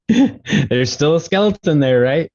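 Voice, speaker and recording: A laid-back man playing a tabletop game, amused and relaxed. His voice sounds muffled and lo-fi. It is recorded dry. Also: a little high, slow, no room sound. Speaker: player.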